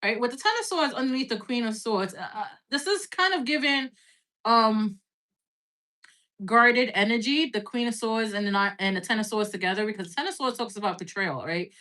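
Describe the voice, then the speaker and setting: A woman's voice: fairly high pitch, moderate pace, bright, forceful tone. A woman giving a casual live-stream tarot reading, blunt and chatty, swearing freely and filling her talk with "like". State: has the hiccups. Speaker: tarot reader.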